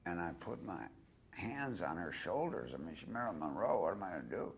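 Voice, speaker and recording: A man's voice: sits low, sing-song, brisk, gravelly, slight background noise. An older man, an interview guest, telling a long personal story and doing voices for the people he quotes. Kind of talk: anecdotal storytelling.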